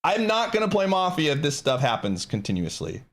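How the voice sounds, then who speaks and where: A man's voice: a little high, huge pitch swings, fairly quick. A man streaming live, ranting to his chat in a frustrated, emphatic, insistent way.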